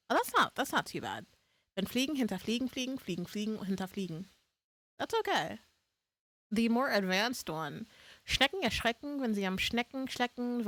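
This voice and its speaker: A woman's voice: a little high, a bit bright. Swearing, playful woman streamer. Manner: swears freely and laughs at her own slips. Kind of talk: casual live-stream chat.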